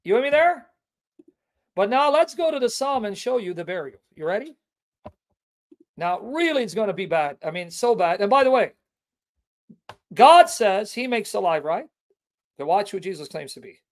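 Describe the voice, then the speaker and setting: A man hosting a Christian apologetics livestream, combative and taunting, calling out an opponent and stressing phrases slowly. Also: very high voice, lively intonation. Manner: emphatic, with drawn-out stressed phrases.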